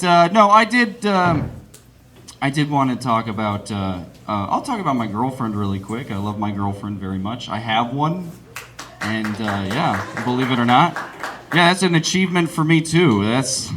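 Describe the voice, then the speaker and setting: A man's voice: mid-range voice, expressive, normal speed, fairly bright tone. A young man doing live stand-up, rambling and self-deprecating and laughing at his own jokes. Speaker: stand-up comedian.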